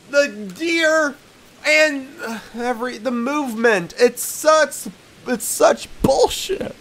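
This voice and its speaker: A young man hosting a gaming video, commenting as he plays and often sliding from muttered complaints into yelled outbursts of frustration. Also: very high-pitched, takes it slowly. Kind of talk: let's play commentary.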